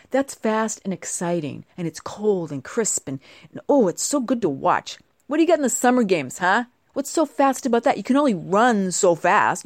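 A woman in her forties from the United States delivers a casual, rambling monologue, chatty and animated, frequently asking rhetorical questions. Her voice sits in the mid-range, with clean studio sound and no echo.

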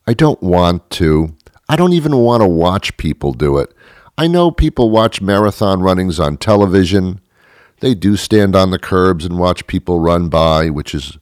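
A man's voice: low voice, no room sound, studio quality. A man telling a rambling, exaggerated comic story about himself, acting out the lines of the people in it. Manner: rambling, exaggerated, animated retelling with acted quotes.

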